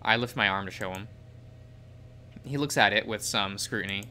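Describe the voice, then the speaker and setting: A man's voice: lowish voice, normal speed, sharp tone, slight background noise. A man reading a visual novel aloud as the show's host, in plain narration. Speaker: game reader.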